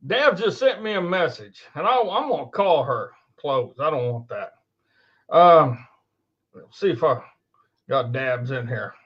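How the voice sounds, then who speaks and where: A man's voice: fairly high pitch, lively intonation, measured pace, slightly rough. A man in his fifties hosting a casual call-in show, laughing constantly and talking loosely. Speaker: host. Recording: dull lo-fi recording.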